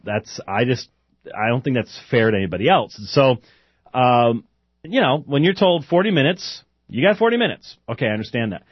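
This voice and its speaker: A man hosts a talk show in an easy, rambling way, circling back with fillers and restarts. His voice sits at an ordinary middle pitch. The recording is dry and dull, with a lo-fi edge. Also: no echo. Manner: chatty, digressive, many fillers and restarts. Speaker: podcast host. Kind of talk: casual rambling commentary.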